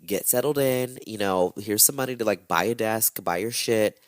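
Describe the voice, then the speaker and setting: Dude doing a sneaky bossy wife, hushed pleading bits, kinda low dry voice. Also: male voice, moderate pace, no room sound, close to an everyday voice. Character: scheming wife, bossy and secretive, woman.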